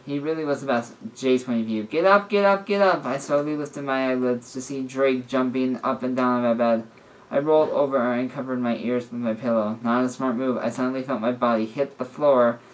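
A man's voice: medium pitch, flat delivery, moderate pace, rough recording. A man casually reading a story aloud, often stumbling and correcting himself. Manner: stumbling, with frequent restarts and self-corrections. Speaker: story reader.

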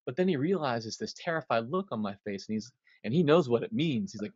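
A man's voice: mid-range voice, quick pace, dry recording, highs cut off. A man, a drummer, telling a story in an interview and acting out the quotes. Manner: animated storyteller, acts out quotes.

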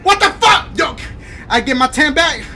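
A man acting in a comedy skit inside a van, talking loudly in brash slang-heavy banter. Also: extremely high pitch, expressive, moderate pace, slight background noise. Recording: loud music over the voice.

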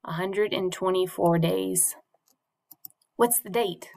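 A woman's voice: medium pitch, slow pace, creaky, a little mellow. A woman teacher leading a morning classroom routine for young children, prompting patiently in a sing-song way. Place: classroom or home teaching space.

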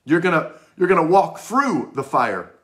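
A man's voice: a little high, big pitch swings, normal speed, fairly bright tone. A man, a pastor, preaching a fervent sermon with emphatic repetition.

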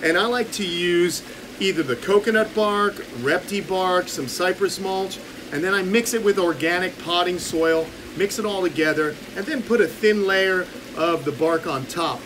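A man's voice: sits high, normal speed, noisy background. A man hosting a casual live stream outdoors by a pond, joking around and reading viewer comments. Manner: upbeat, joking, reads viewer comments aloud. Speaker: reptile channel host.

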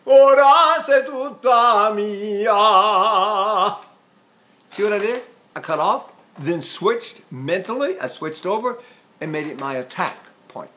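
Older man, voice teacher, fairly high voice, chatty and self-mocking, sung vowel examples. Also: big pitch swings, normal speed, fairly bright tone. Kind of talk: spoken vocal lesson with sung demonstrations.

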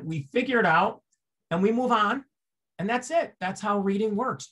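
A man delivers a seminar lecture in a voice a little higher than most men's. He explains patiently, poses rhetorical questions and answers them himself, and often restarts his phrases. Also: fairly bright tone, breathy edge.

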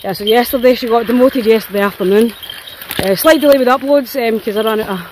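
A woman's voice: a little high, fast talker, a little mellow, slight background noise, low-quality recording. Chatty Scottish woman walking dogs in woods. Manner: chatty, playful and sweary, talks to the dogs. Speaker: dog walker. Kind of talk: casual walking vlog. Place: outdoors in a wet forest. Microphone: handheld phone while walking.

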